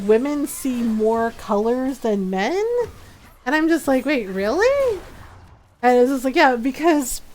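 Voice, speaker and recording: Woman streamer, slightly high-pitched, rambling storyteller who laughs easily mid-chat. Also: darkish tone, a little hiss or hum. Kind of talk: casual chat while playing a game.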